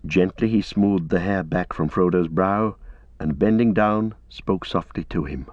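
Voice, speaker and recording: Low-voiced man reading a story aloud. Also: a little mellow, no echo. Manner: measured, storytelling. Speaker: audiobook narrator. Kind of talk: scripted narration. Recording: dull lo-fi recording.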